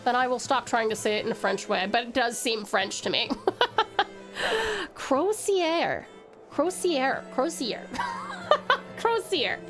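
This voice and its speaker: A young woman chats warmly with her viewers while she plays a game, calling them honey and cursing casually. Her voice is high and highly animated. Game music plays clearly underneath. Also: moderate pace. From Tasmania, Australia. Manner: bubbly, affectionate, swears casually. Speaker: streamer. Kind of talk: live game stream chat.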